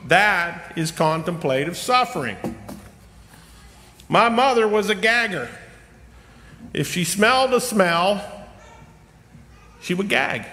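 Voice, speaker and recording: A middle-aged man with a high, bright, forceful voice preaches a storytelling sermon, joking at his own expense and drawing out key words with slow pauses. His voice carries a long church-hall reverb. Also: slight background noise. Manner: humorous, self-deprecating, with slow emphatic pauses. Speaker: lay preacher. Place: church sanctuary.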